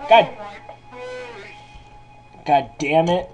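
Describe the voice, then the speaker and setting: A man's voice: fairly high pitch, slow, pauses often, faint music behind, poor audio. A man giving casual game commentary while he plays, cursing constantly. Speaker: gameplay commentator.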